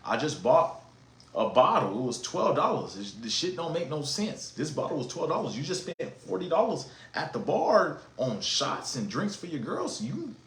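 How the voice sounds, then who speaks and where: A man hosting a casual podcast monologue, talking in an emphatic, animated, slangy and preachy way. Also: fairly high pitch, normal speed. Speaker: podcast host. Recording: echoey room with faint ambience.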